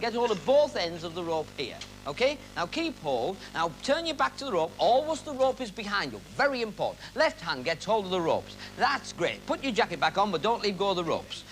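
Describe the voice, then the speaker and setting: Lively, teasing comic magician. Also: male voice, high-pitched, a little fast, few pauses, faint music behind, poor audio. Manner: cheeky, teasing banter with audience volunteers. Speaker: magician and comedy host. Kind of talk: stage comedy patter with audience participation. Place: television studio stage with a live audience.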